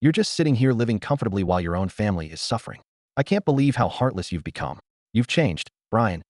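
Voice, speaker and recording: Man doing a desperate sister, pleading, lively pitch, dry close sound. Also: fast, dry recording. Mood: furious. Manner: pleading, then furious.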